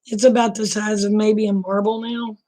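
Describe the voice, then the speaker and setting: A woman's voice: medium pitch, normal speed. Folksy Oklahoma woman chatting late night. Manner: relaxed, folksy, talks to viewers by name. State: throat a bit rough. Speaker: livestream host chatting with viewers. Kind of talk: casual late-night chat.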